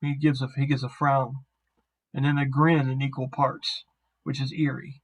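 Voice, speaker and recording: A man's voice: mid-range voice, level tone, moderate pace, low-quality recording. A man narrating as game master on a voice call, rambling and self-deprecating.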